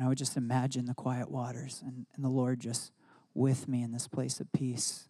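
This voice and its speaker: A middle-aged man preaching a sermon as pastor, reflective, slowing and softening his voice in devotional passages. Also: mid-range voice, monotone, no room sound, clean studio sound.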